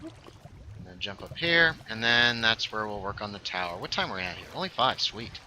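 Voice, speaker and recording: A man's voice: on the low side, big pitch swings, normal speed, pushed and bright, slight background noise. A man hosting a casual game livestream, joking and reading chat aloud. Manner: jokey, chatty, reads chat aloud. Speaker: livestream host. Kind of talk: casual gaming stream chat.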